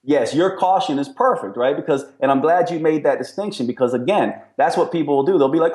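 A middle-aged man speaks as an expert guest on a podcast, pressing his points with emphasis. His voice sits a little high for a man. The recording carries a noticeable room echo. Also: lively intonation, fast talker, few pauses, a little mellow. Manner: emphatic, explanatory. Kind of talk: podcast interview.

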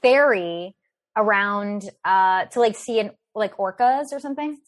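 A woman telling a story in casual conversation, animated and laughing often, with many filler words. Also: mid-range voice, measured pace. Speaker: guest storyteller.

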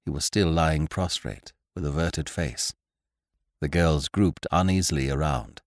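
Deep-voiced male storyteller, slow and expressive. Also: no room sound, studio quality. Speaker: audiobook narrator and podcast host. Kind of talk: scripted narration.

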